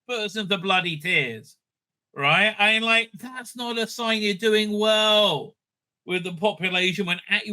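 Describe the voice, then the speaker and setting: A middle-aged rabbi with a high-sitting voice rambles through casual commentary. His animated, profane rant is full of restarts and asides.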